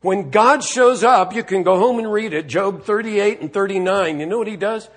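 A male preacher delivers a sermon in a conversational register. His voice sits a little high for a man. He talks plainly and with emphasis, breaking into mock-casual asides. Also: normal speed, a bit bright.

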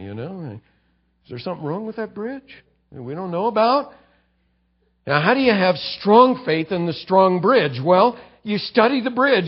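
A man preaching a sermon in a conversational way, acting out short quotes and dropping low for emphasis. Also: muffled recording. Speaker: pastor.

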